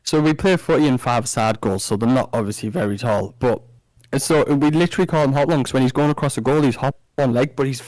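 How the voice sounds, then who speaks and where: A man's voice: medium pitch, fast talker, a little mellow, no room sound, low-quality recording. A man, chatting casually on a podcast, telling sweary stories and laughing at them. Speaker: podcast host. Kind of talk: casual chat.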